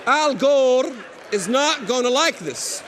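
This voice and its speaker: A middle-aged man delivers a fiery sermon in a strikingly high, lively voice, with swooping pitch. He stresses his points with sudden shouts and teasing asides. His words ring out with a long hall echo. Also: slow pace, a faint crowd, slight background noise. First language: Arabic. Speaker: preacher. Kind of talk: fiery sermon lecture on scripture.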